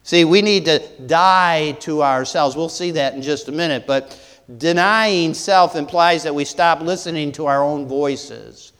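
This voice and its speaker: Pastor, man, sermon delivery, smooth resonant voice, hesitant with fillers, long hall reverb. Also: on the high side, a bit bright. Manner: halting, many fillers and restarts, rhetorical questions.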